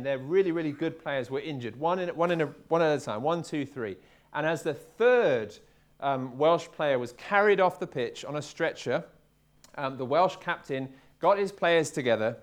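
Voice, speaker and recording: A man from England preaching a sermon to a live congregation, talking in a relaxed, conversational way and often repeating his words as he goes. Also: fairly high pitch. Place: church hall with a live congregation.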